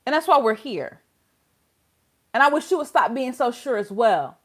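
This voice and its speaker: A woman hosting a casual legal commentary vlog, talking bluntly and swinging from loud outbursts to quiet asides. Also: a little high, sing-song, normal speed, pauses often. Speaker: host of a legal commentary channel.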